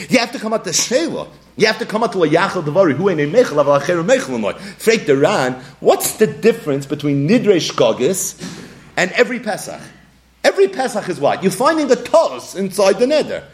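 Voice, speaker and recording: A man teaching a Talmud lecture, animated, acting out little scenes and laughing often. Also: high-pitched, fairly quick. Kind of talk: yeshiva-style Talmud lecture.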